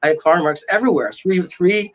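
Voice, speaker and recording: High-pitched, animated and a bit bright, this paranormal investigator speaks fairly quickly as a guest, dramatically narrating a story and mimicking its voices and sounds. The audio is dull and lo-fi.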